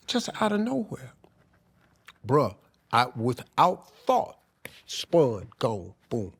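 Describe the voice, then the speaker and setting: Gravelly older man telling emotional stories. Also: mid-range voice, huge pitch swings, takes it slowly, pauses often. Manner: emotional storytelling, slangy and profane. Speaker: guest. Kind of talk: candid podcast conversation.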